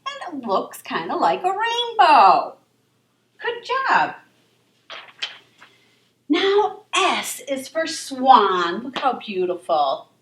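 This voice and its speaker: Woman children's yoga instructor, high-pitched and sing-song, unhurried; recorded far off in a reverberant room. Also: huge pitch swings, a little hiss or hum. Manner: encouraging, gentle and sing-song. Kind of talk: leading a kids' yoga class. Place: library room.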